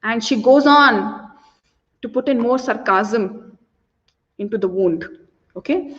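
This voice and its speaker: Give me an animated woman telling a story in a talk, on a dull recording with reverb. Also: a little high, slow pace, long pauses, faint music behind. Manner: animated, acts out quotes. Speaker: conference speaker. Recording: dull audio with long reverb.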